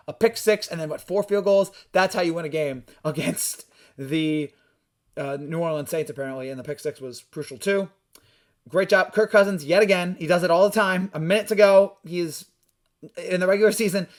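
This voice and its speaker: A young man giving casual, opinionated sports predictions, energetic and rambling with frequent restarts. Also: on the high side. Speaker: sports YouTuber.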